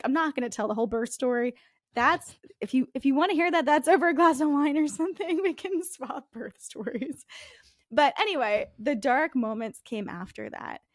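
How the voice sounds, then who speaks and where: A woman's voice: fairly high pitch, dry recording, clean studio sound. A woman in her thirties with a Northeastern US accent, a podcast guest telling her story in a candid, chatty way. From farming community in the US. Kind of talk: podcast interview.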